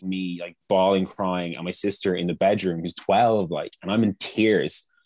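A young man with a deep, low voice, telling rambling anecdotes and laughing often. His speech is full of restarts and fillers. The sound is dry and close. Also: steady tone, moderate pace, darkish tone, no room sound. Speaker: guest. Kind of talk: casual storytelling chat.

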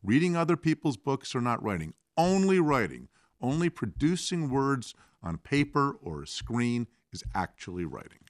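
A man's voice: medium pitch, very animated, moderate pace, no echo, studio quality. A man being interviewed as a novelist, joking and self-mocking about the craft. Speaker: novelist guest. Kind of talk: casual interview.

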